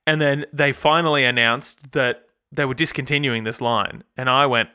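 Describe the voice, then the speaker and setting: A young man with an Australian accent chats on and on about his setup, drifting off on tangents and dropping the odd swear word. His voice is bright and clean, with a smooth, clear tone. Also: mid-range voice, steady tone, moderate pace. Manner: rambling, chatty, swears casually. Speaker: guitarist and channel host. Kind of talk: casual gear demo vlog.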